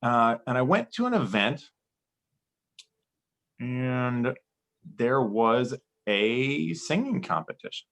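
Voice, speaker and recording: A man's voice: medium pitch, big pitch swings, slow, long pauses, a bit bright, rough recording. A young man chatting as a podcast guest, rambling with many fillers and restarts. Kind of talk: casual chat.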